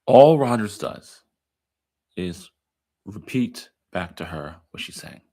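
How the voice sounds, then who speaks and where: A man's voice: fairly low pitch, animated, slow, dark tone. A man, a therapist, giving emphatic commentary on a therapy film clip. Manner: emphatic, explanatory. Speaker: therapist and educator.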